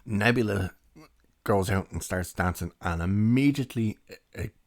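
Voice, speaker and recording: A man's voice: fairly low pitch, normal speed, no echo, studio quality. A young man giving a rambling, chatty film review and laughing now and then as he recounts scenes. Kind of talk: casual spoken film review.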